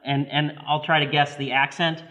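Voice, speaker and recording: A man hosting a casual party game show, upbeat and quick to laugh, with a habit of repeating himself. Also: fairly high pitch, little pitch movement, sharp tone. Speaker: host of a church party show. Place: church hall. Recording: long hall reverb, faint noise.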